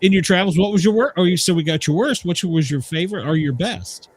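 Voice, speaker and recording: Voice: medium pitch, animated, quick pace, husky. The host of the show, asking short follow-up questions in a casual interview. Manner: brief friendly prompts and follow-up questions.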